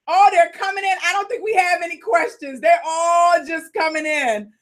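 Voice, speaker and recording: A woman coaching and hosting a live call, excitable and quick to shout greetings. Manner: high-spirited.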